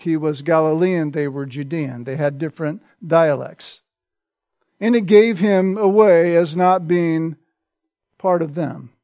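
High-voiced preacher, man, dry sound. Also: a little mellow, no room sound. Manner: conversational, often adds a questioning "right?". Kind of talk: sermon, expository Bible teaching.

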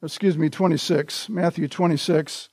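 A man preaching an expository sermon in a conversational way, often checking in with his listeners with a quick "right?". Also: on the high side, fairly even intonation, a little mellow, husky, dry recording, clean studio sound. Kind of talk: sermon, expository Bible teaching.

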